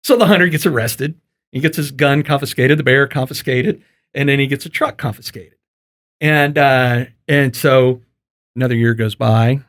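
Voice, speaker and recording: A man's voice: medium pitch, normal speed, fairly bright tone. A man hosting a casual podcast interview, folksy and joking. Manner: folksy and joking, loose with fillers. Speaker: podcast host.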